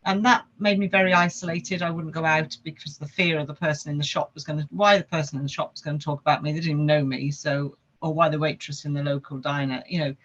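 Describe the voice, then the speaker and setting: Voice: mid-range voice, flat delivery, quick pace, hardly any pauses, a bit bright. Earnest guest, dull recording. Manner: earnest, lists things with repetition. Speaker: podcast guest. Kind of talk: personal story in conversation.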